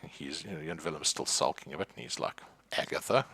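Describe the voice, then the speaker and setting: A man narrating as game master of a tabletop horror game, animated, with frequent restarts. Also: very deep voice, fast, creaky, slightly rough, no room sound.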